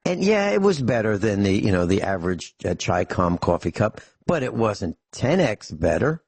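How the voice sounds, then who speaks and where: A middle-aged man chats on a talk radio show, his voice slightly husky and close to a dry studio mic. He rambles through stories with many restarts and slips in dry jokes. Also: on the low side, sing-song, moderate pace, no room sound. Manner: rambling storyteller, frequent restarts, dry humor. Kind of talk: casual radio chat.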